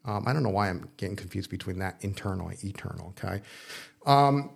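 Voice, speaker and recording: A man's voice: sits low, brisk, gravelly, slightly rough. A male pastor in casual discussion, thinking aloud with restarts and checking in with "okay?", sometimes teasing. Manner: playful, teasing. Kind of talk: casual discussion on faith and philosophy.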